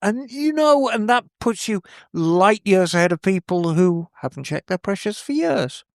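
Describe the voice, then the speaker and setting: A man's voice: high-pitched, very animated, moderate pace, no room sound, clean studio sound. Chatty man giving advice. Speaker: podcast co-host. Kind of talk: casual chat.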